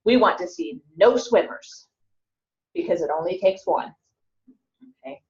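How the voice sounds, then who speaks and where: A woman giving a relaxed classroom lecture, chatting and joking with her students. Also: mid-range voice, measured pace. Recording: dull, roomy, from a distant mic.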